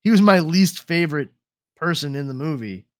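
A man's voice: on the high side, expressive, moderate pace, dry recording, studio quality. A man hosting a podcast in casual chat, rambling with lots of swearing and trailing off mid-sentence. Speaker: podcast host.

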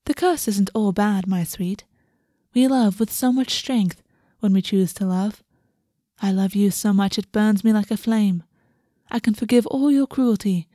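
A woman reading a storybook and voicing an older fae woman mentor who speaks softly and fondly. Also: medium pitch, dry recording, clean studio sound, close to an everyday voice. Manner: soft, warm, murmuring.

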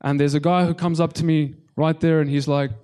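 A tearful man giving a testimony sermon, stumbling and repeating himself as he talks to the congregation. His voice sits a little high for a man, with a mellow, dark tone. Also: little pitch movement, clear, resonant tone. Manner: halting, repeats words, addresses congregation. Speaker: preacher.

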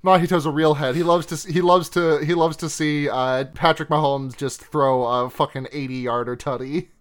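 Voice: mid-range voice, steady tone. Co-host just riffing and cracking up, loose chat. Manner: jokey, laughs often, riffs with quick asides. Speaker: podcast co-host. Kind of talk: casual anime recap chat.

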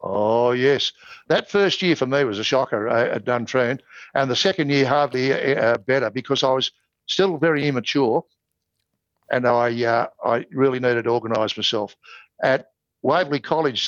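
An older Australian man as an interview guest, genial and measured, pausing to think. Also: medium pitch, a bit bright, no room sound, highs cut off. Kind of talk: casual interview chat.

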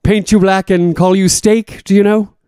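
A man's voice: high voice, level tone, moderate pace, dark tone, clean tone, no room sound, clean studio sound, pitched above the performer's own voice, natural voice. A man voicing a pompous, condescending older prison escapee who talks in mannered euphemisms. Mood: haughty.

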